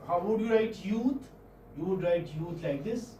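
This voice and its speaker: This is a high-pitched, expressive, mellow male voice: an Indian English–accented English professor teaching phonetics. He stops often, says words more than once, and asks his class "hmm?" or "okay?" to make sure they understand. The sound is echoey and distant, with faint noise underneath.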